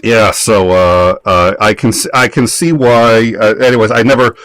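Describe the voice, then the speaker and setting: A man in casual conversation, telling anecdotes with frequent laughs and halting restarts. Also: lowish voice, steady tone, a bit bright, no echo. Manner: chatty storyteller, laughs often, halting restarts. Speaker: talk show participant. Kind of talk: casual chat.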